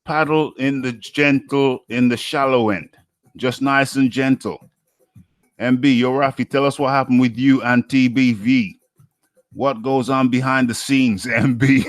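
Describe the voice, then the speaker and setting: A man's voice: medium pitch, steady tone, unhurried. A man hosts a live boxing talk stream in a middle-range voice, reading viewer comments aloud and answering them. He talks in an upbeat, chatty way and often repeats his own lines. The sound is dry, with no room echo. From United Kingdom.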